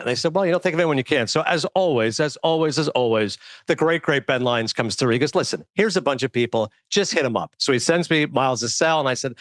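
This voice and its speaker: A man in casual podcast conversation, telling an animated anecdote as a guest author. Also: medium pitch, quick pace, no room sound. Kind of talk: casual storytelling.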